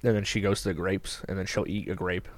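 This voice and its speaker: A man's voice: sits low, steady tone, quick pace, dry recording. A man co-hosting a casual podcast chat, laid-back, laughing often and giving short reactions.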